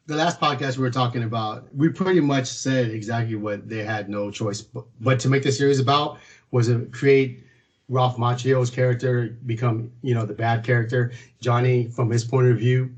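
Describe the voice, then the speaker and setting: A man co-hosting a casual podcast chat, relaxed and slangy, with bursts of enthusiasm. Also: medium pitch, highs cut off. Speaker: podcast co-host.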